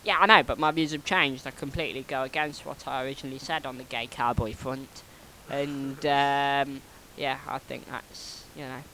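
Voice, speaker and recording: A man co-hosting a casual podcast, talking loudly and often breaking into shouts, mumbling with many ums when serious. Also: mid-range voice, fairly even intonation, moderate pace, few pauses, a little hiss or hum, poor audio. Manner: loud, prone to shouting. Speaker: podcast co-host. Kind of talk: casual banter.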